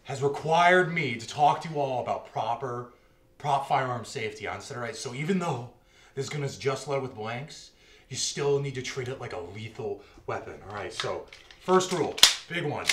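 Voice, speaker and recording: A man gives an earnest safety lecture and keeps checking in with his listeners. His voice is a touch high. He sounds a little distant, in an echoey room with faint noise. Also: fairly bright tone. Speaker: prop master giving a safety talk.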